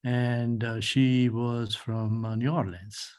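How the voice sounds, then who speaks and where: A man in a casual group discussion on a video call, explaining his point in a halting way with lots of "uh" and "you know.". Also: medium pitch, little pitch movement, darkish tone. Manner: halting, many fillers, explanatory. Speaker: media group member.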